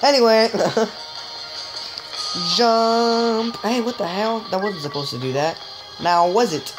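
Excitable woman gamer over loud game music. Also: moderate pace, rough recording. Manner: joking, excitable, with sudden high yelps; chatty, talks straight to viewers. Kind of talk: casual let's-play commentary.

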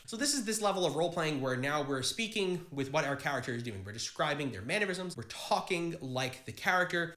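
A man's voice: fairly high pitch, fairly bright tone. A man hosting a tabletop gaming channel, explaining to camera in an earnest, encouraging way and talking straight to his viewers. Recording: roomy echo.

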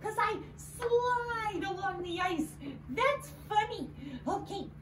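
A woman voicing an excitable young puppet creature who hosts a kids' library show, bubbly and giggly. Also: very high-pitched, takes it slowly, exaggerated voice. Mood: excited. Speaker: puppet host. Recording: echoey room, far from the mic, noisy.

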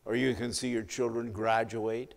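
A male pastor preaching an evening sermon, telling the story in a measured way and letting his voice swell and drop for emphasis. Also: medium pitch, little pitch movement, vocal fry. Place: church sanctuary. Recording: long hall reverb.

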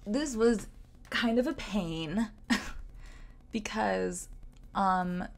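Slow-talking Southern woman streamer. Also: medium pitch, creaky. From Southern United States. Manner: chatty and giggly, lots of "like" fillers. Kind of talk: casual gameplay commentary.

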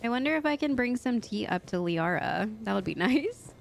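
A woman's voice: fairly high pitch, lively intonation, normal speed, vocal fry. A woman giving giggly, chatty casual commentary while playing a video game. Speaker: let's play streamer.

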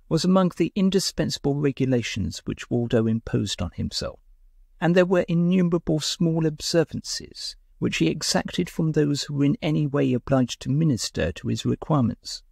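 A man narrating a short story in an expressive, lilting way. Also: fairly high pitch, vocal fry, husky, dry recording, studio quality. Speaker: audiobook narrator.

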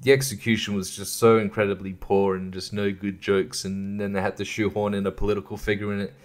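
A man's voice: fairly low pitch, level tone, fairly quick. Crude rambling man, solo podcast. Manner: crude, rambling, swears freely, laughs often. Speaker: podcast host. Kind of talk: casual solo podcast chat.

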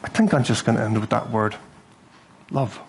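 A man preaching a sermon as a church pastor, earnest and animated, breaking into bursts of laughter as he talks. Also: lowish voice, moderate pace, gravelly, a little hiss or hum. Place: church hall.

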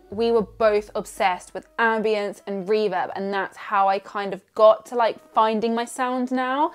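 A young woman from Surrey with a southern English accent, talking casually and sarcastically as she reads out comments. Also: medium pitch. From Surrey, England. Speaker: singer and YouTuber. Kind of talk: casual vlog reading comments.

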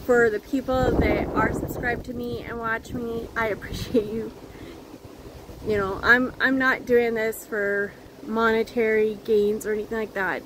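A woman chatting earnestly to her viewers as a crochet vlogger, halting and restarting as she goes. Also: on the high side, little pitch movement, a bit bright, a little hiss or hum, low-quality recording. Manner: earnest, heartfelt. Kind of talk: casual chat to viewers.

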